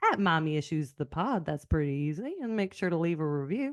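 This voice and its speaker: A woman putting on an exaggerated slow Southern drawl to read a listener review aloud, as a joke on a podcast recorded over a video call. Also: sits low, big pitch swings, dry recording, studio quality. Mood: chirpy. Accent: put-on Southern US. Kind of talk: comic put-on voice on a podcast.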